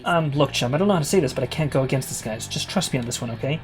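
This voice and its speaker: A man reading a game aloud, voicing a nervous young male companion in a hushed, uneasy tone. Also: medium pitch, lively intonation, rapid-fire, soft background music, close to an everyday voice.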